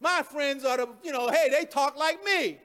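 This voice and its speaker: A man's voice: very high-pitched, moderate pace, pushed and bright, big-room sound, voice pushed up. A man voicing a frightened disciple who panics and then denies it all in brash street slang.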